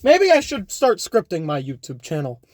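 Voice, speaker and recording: Young guy doing a goofy rambling vlog rant, high bouncy voice, dry close sound. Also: wildly swooping pitch, normal speed, a little mellow, no echo. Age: young adult. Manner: rambling, jokey, self-correcting, repeats "all right?". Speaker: YouTuber. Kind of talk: unscripted comedic vlog rant. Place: home.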